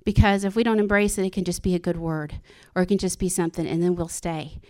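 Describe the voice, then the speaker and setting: Her voice fairly low, steady and a little mellow, a woman speaks quickly to her church, giving an informal devotional sermon. She's earnest and personal in tone, breaking into laughs now and then and restarting sentences often.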